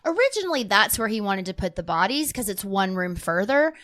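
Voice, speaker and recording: A woman's voice: mid-range voice, big pitch swings, fairly quick, a bit bright. A woman co-hosting a film podcast in casual chat, chiming in to fill in plot details.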